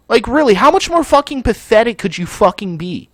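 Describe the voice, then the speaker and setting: A man's voice: sits high, sing-song, moderate pace, hardly any pauses, no echo. A man hosting a gaming channel, ranting angrily with constant profanity over gameplay. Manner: profane, furious, yelling rant.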